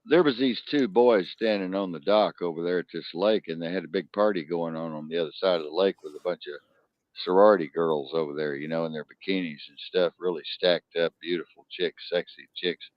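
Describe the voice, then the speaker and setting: A man's voice: sits low, a little fast, no room sound. A man hosting a casual talk show, telling rambling stories and crude jokes with many restarts. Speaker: podcast host. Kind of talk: casual storytelling chat. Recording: dull lo-fi sound.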